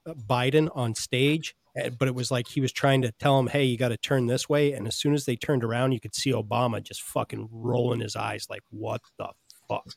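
A man's voice: mid-range voice, fairly even intonation, fairly quick, vocal fry, no echo, studio quality. A man joining a podcast round table, recounting a clip in a loose, rambling casual chat. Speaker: podcast guest.

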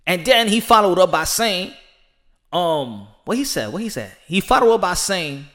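A man giving rambling, animated casual commentary as a boxing vlogger, laughing often. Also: high voice, moderate pace.

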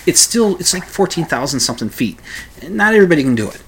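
A man's voice: a little high, sing-song, quick pace, slight background noise. Minnesota guy rambling thru a story, lots of uh and restarts, kinda wry about himself. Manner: rambling, with frequent restarts and fillers; wry and self-deprecating. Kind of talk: casual storytelling monologue.

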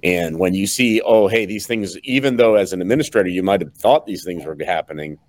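A man's voice: sits low, fairly quick, dry recording. A man hosting a podcast, asking his guest questions in a casual, reflective way. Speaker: podcast host.

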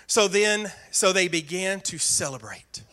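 A male pastor delivering a sermon with earnest emphasis and repeated phrases. His voice sits high and comes across bright and forceful. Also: animated, a little slow.

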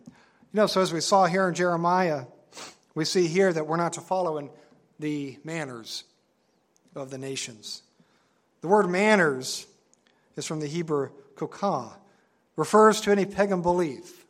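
Male Bible teacher, a touch high in pitch, earnest and emphatic, sermon delivery with deliberate stresses. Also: a bit bright. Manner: earnest, emphatic, stresses key words and slows on them; reads scripture aloud in old-fashioned wording.

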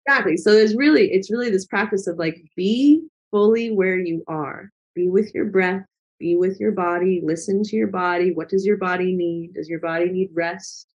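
A woman's voice: on the low side, normal speed, darkish tone, lo-fi sound. A woman talking as a guest in a casual conversation, earnest and reflective, with lots of fillers. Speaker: guest, travel vlogger.

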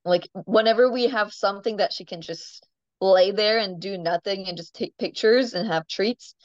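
A woman's voice: medium pitch, moderate pace, dry recording, highs cut off. Chatty woman telling animal stories. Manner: chatty storyteller, laughs often, many ums. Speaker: farm animal owner, guest. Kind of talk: casual interview chat.

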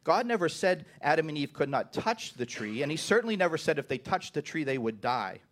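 A man's voice: fairly high pitch, sing-song, fairly quick. A man preaching a sermon to his congregation. He often repeats the first words of a phrase and keeps asking "right?". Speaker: pastor.

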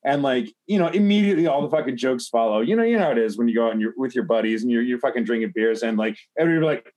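A man's voice: medium pitch, expressive, rapid-fire, a little mellow. A man telling a long personal story in casual podcast chat, rambling with lots of fillers and swearing.

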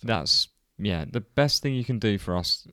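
A man's voice: on the low side, animated, measured pace, sharp tone, no echo, clean studio sound. A man co-hosting a podcast, speaking earnestly with many hesitations. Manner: hesitant, full of fillers and restarts, earnest. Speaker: podcast co-host. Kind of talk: casual podcast chat.

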